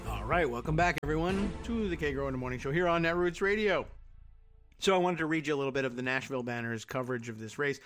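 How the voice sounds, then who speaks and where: A man's voice: a little high, expressive, quick pace, a bit bright, soft background music. A man hosting a radio show, giving a sardonic political commentary monologue full of rambling asides.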